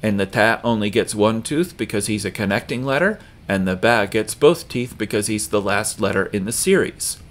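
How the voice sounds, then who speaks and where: A man with a fairly low voice teaches a video lesson. He speaks slowly and patiently and says each example word twice, louder and with heavy stress. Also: animated. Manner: slow and patient, repeating example words with loud stress. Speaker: language teacher.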